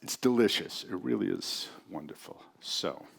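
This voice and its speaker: A man introducing a friend and then reading his story aloud to a live audience, in a relaxed, conversational and dry way. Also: low voice, normal speed, creaky, slightly rough.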